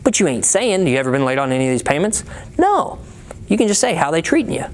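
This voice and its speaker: A man's voice: on the high side, big pitch swings, fast talker, a little hiss or hum. A man coaching car salespeople in a blunt, profane, casual way, acting out both sides of sales talk.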